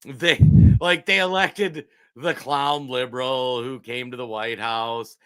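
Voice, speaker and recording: A man from Minnesota co-hosting a political talk stream, chatty and excitable, giving viewers shout-outs. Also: medium pitch, slow pace, clean tone. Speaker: podcast co-host. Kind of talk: political talk show banter.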